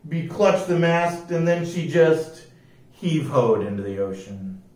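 A man reading picture books aloud as library storyteller, with a slow, lively rhyming delivery. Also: on the high side. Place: library room. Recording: echoey room, distant mic.

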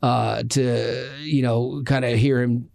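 A man's voice: medium pitch, slow pace, vocal fry, no echo. A man hosting a casual talk show, with a mid-range voice. He tells stories loosely, with fillers and restarts, and livens up when he quotes people. The sound is dry and close. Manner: storytelling, animated when quoting. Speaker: host.

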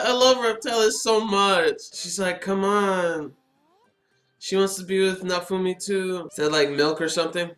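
Chatting and laughing while he reacts to an anime, a man keeps his commentary casual and excitable in a high voice.

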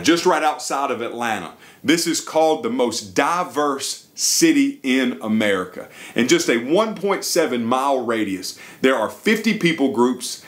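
A man with a Southern US accent, preaching a sermon and earnestly retelling a conversation. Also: medium pitch. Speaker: pastor. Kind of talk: sermon storytelling.

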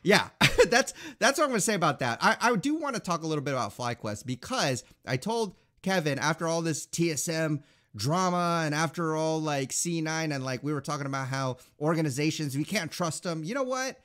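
A man's voice: fairly high pitch, sing-song, brisk, fairly bright tone. A man co-hosting a podcast in casual chat, rambling with lots of filler words. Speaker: podcast co-host.

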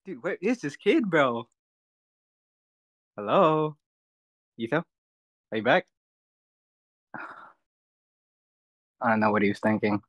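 A man's voice: medium pitch, very animated, slow, long pauses, fairly bright tone, dry recording, studio quality. A young man filling in on a live stream as the streamer's friend, flustered and joking to himself. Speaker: streamer's friend covering the chat. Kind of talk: casual live-stream chat.

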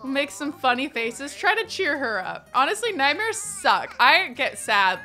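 A woman's voice: sits high, very animated, unhurried, pushed and bright, faint music behind. A young adult woman giving casual, chatty commentary while playing a life-sim game, bubbly and full of fond exclamations. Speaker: gaming YouTuber.

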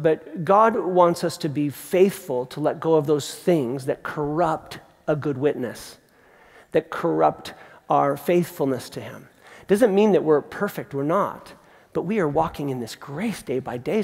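A middle-aged man preaching a sermon as pastor, conversational and animated, with emphatic repeats. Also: on the high side, vocal fry. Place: large theatre. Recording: long hall reverb from a theatre.

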